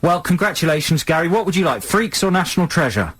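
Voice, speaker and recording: A man's voice: on the high side, very animated, fast, a bit bright. A man hosting a radio show, joking and teasing callers in casual banter. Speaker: radio host.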